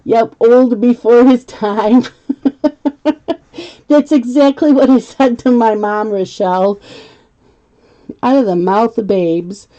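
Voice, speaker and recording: A middle-aged woman chats casually on a live stream as she colors, reading viewer comments aloud and laughing often. Her voice is mellow and unhurried. The audio is slightly muffled and lo-fi. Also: a little high.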